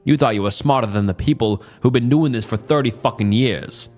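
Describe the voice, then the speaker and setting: A man voicing a cruel masked male cult leader with a put-on Southern accent, speaking with quiet, level malice. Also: medium pitch, fairly quick, faint music behind, lightly acted. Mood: quiet menace.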